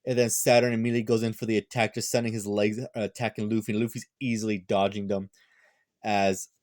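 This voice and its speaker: A tired young man reviewing a manga chapter in a casual, rambling chat, full of fillers and quick restarts. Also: fairly low pitch, level tone, darkish tone, no echo, clean studio sound.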